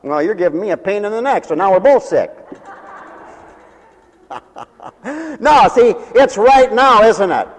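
A pastor preaches a lively sermon in a high, animated voice that echoes through a hall with long reverb. He speaks slowly with frequent pauses, laughs often, and acts out the voices of people in his stories.

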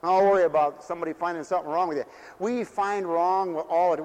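A man's voice: sits high, steady tone, fast talker, a little mellow. A man pastor preaching a sermon in a mission church hall, folksy and joking, and he swings up into fervent hallelujahs.

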